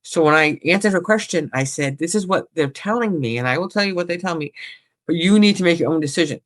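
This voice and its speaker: A woman's voice: fairly low pitch, expressive, fast. A woman working as a psychic medium, talking casually and rambling as she relays messages from spirits. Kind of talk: casual paranormal chat.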